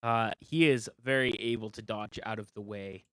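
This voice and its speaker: A game master running a tabletop game, narrating and explaining in a relaxed, loose way. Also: medium pitch, moderate pace, clean tone, no echo.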